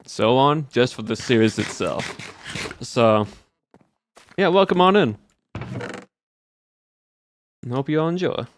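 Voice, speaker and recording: A man's voice: medium pitch, animated, takes it slowly, pauses often, slight background noise. A game streamer chatting casually with viewers in a put-on Southern US drawl, easygoing as he plays. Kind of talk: casual live-stream chat while playing.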